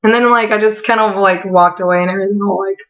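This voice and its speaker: A young woman telling a story to her viewers in a casual vlog, excitable and giggly, saying "like" a lot and swearing casually. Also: mid-range voice, fast, lo-fi sound. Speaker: vlogger.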